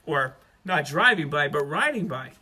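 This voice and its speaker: Kids' storyteller, a man with a bright, high, expressive voice. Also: normal speed. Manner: animated, expressive. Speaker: children's storyteller. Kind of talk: children's story narration.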